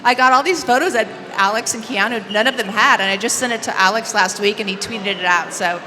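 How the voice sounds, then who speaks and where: A woman from Idaho on a convention panel, telling anecdotes in a relaxed, halting way. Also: fairly high pitch. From Idaho, USA. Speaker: panel guest. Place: large convention hall. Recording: echoey hall with background noise.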